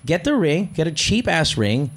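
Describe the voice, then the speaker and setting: A man's voice: on the high side, very animated, moderate pace, slightly rough. A man hosting a call-in advice show, blunt and teasing, with casual cursing. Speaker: radio advice show host.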